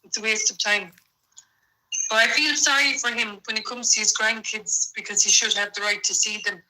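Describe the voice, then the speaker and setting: A woman's voice: mid-range voice, fairly even intonation, moderate pace, pushed and bright, low-quality recording. A woman calling in to a casual chat, chatty and agreeable. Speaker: guest caller.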